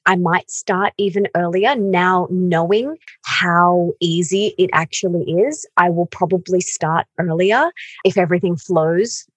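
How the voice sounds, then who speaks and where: A woman's voice: on the low side, measured pace, slightly rough, no echo. A woman chatting enthusiastically as an interview guest, talking about her baby with frequent "like"s. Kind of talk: casual interview chat.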